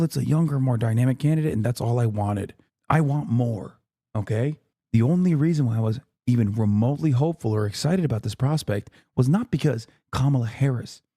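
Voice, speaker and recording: A man in his thirties vents at his stream chat, exasperated and full of profanity. His tone is dark and mellow, held back so he does not wake a neighbor. The sound is dry and close, with no room around it. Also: mid-range voice, breathy edge, no echo. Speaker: streamer reacting to a speech. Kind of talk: heated live-stream commentary.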